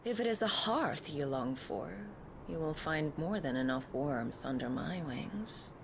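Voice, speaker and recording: Benedicta, a haughty winged villainess. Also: female voice, low-pitched, animated, background noise. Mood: seductive. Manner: taunting, haughty, drawn-out. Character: scheming winged woman villain, mocking. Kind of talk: game cutscene voice acting.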